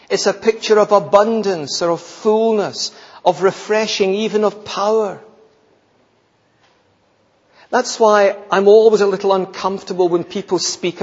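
A man preaching a sermon, emphatic and repeating phrases, often dropping to a soft, intense tone. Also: high voice, breathy edge, in a large hall, dull audio.

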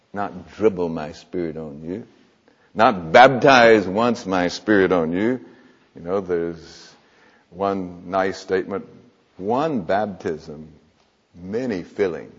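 Man preaching in an echoey church. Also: mid-range voice. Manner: earnest, rhetorical questions, pauses. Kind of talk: sermon. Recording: muffled echoing church hall.

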